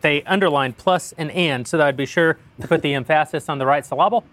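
A man's voice: on the high side, fast, hardly any pauses, fairly bright tone, no room sound. Wry, joking male show host. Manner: wry, self-mocking, laughs often. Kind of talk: joking roundtable chat with ad read.

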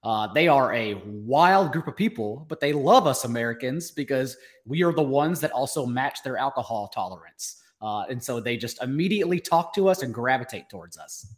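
A young man hosting a sports podcast, chatting casually and upbeat, sometimes rushing through lines. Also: mid-range voice, animated. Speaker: podcast host.

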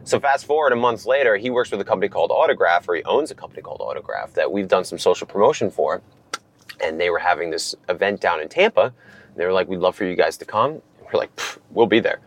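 A man in his thirties, animated, telling a long story in casual chat from a car and acting out the lines of others. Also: low-pitched, fast. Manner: animated, acts out quotes from others. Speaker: guest.

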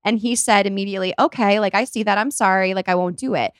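A young woman co-hosts a casual podcast chat, her mid-range voice quick-paced and captured with clean studio quality and no room sound. She talks freely and chattily, using lots of "like" as filler.

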